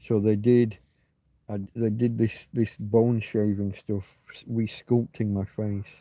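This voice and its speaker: A man's voice: on the low side, level tone, takes it slowly, dark tone, no echo. A man hosting a casual livestream, chatting in a rambling, digressive way and often restarting his sentences. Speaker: livestream host. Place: home in coastal Spain.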